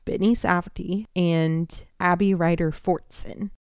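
A woman co-hosting a podcast, chatting casually and excitably, at times reading a summary aloud. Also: on the low side, a little slow, clear, resonant tone, dry recording, studio quality. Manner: excitable, reads a synopsis aloud. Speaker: podcast co-host. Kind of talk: casual chat.

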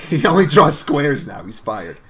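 A man's voice: on the high side, sing-song, measured pace, crowd noise. A man hosting a casual podcast, joking, swearing and acting out characters as he retells a story. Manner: joking, profane, acts out characters. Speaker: podcast host. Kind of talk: casual chat.

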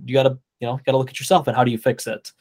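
A man hosting a podcast on eyewear, talking in a relaxed, frank and agreeable way. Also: medium pitch, racing, husky. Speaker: podcast host, optician. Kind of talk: casual podcast conversation.

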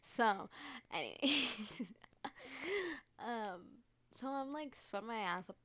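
A woman's voice: a little high, expressive, slow, a bit bright. Profane, rambling young woman podcaster. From Arizona, United States. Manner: profane, rambling, filler-heavy. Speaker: podcast host. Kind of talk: casual storytelling chat.

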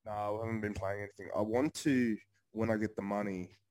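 A man's voice: fairly low pitch, steady tone, fairly quick, darkish tone, no echo. A young man in casual podcast banter, laughing often and swearing heavily in slangy speech.

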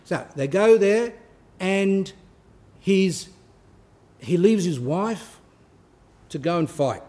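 A man who is a priest, giving an earnest sermon with pauses for emphasis. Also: sits high, expressive, a little mellow. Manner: earnest, pausing to stress points.

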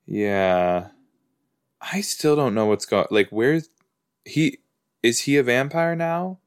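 A man hosts a podcast, chatting casually as he watches a TV episode. His medium-pitched voice is smooth and slow, and he rambles, leaning heavily on "like" and "you know."

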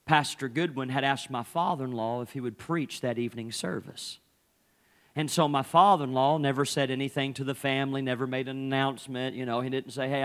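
A man's voice: medium pitch, fairly bright tone. A male pastor preaching a sermon in a conversational, storytelling way, repeating phrases for emphasis. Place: church service.

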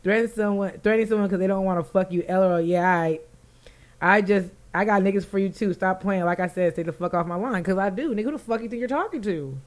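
A young woman hosting a casual podcast chat, brash and profane, reading messages aloud and jumping into loud high squeals. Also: fast. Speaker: podcast host.

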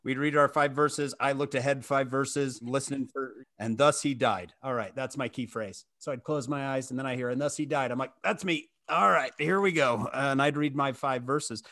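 A man's voice: medium pitch, fairly even intonation, normal speed, few pauses, fairly bright tone. A man hosting a podcast, a scripture teacher who tells stories and acts out quoted lines. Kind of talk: podcast conversation.

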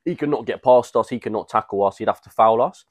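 Low-voiced young man chatting. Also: fast talker, no room sound. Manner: rambling storytelling with fillers and slang. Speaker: podcast co-host. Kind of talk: casual chat.

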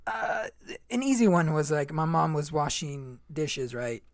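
A man's voice: a little high, very animated, a little slow, no echo, clean studio sound. A young man telling a personal story in a rambling casual chat, full of "like" and "dude.".

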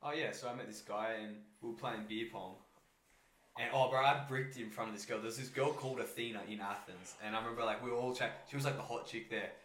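A man's voice: medium pitch, steady tone, fast talker, fairly bright tone, roomy sound, a little hiss or hum, low-quality recording. A man with an Australian accent hosting a podcast, telling a story in a rambling, sweary way full of "like". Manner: rambling, swears freely, lots of "like". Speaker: podcast host. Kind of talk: casual chat.

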